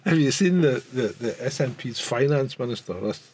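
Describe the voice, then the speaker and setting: A man's voice: medium pitch, animated, normal speed, noisy background. A Scottish man co-hosting a podcast in casual chat, rambling and restarting his sentences. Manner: rambling, repeats words, frequent restarts. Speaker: podcast co-host.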